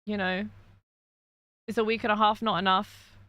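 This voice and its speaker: A woman's voice: medium pitch, flat delivery, normal speed, fairly bright tone, no room sound. A young woman streaming from her bedroom, tearful after crying, venting frankly to her chat and reading messages aloud in casual talk.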